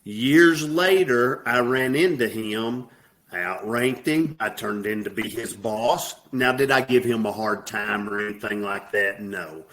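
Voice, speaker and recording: Middle-aged southern guy, lowish voice, drawling, lots of uh and you know. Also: measured pace, fairly bright tone. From American South. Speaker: guest. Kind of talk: casual interview.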